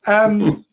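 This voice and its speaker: A woman hosting a casual interview, asking upbeat, enthusiastic questions. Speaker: interview host.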